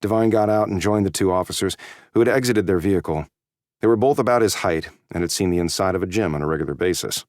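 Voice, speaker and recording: Male narrator, deep voice, measured scripted reading, dry studio sound. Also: darkish tone, dry recording. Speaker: audiobook narrator.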